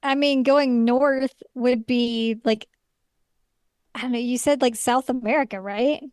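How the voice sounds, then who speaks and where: Woman, podcast co-host, casual chat, playful, high pitch, smooth clear voice. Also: steady tone, darkish tone, no echo, clean studio sound. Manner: playful, quick reactions and laughs.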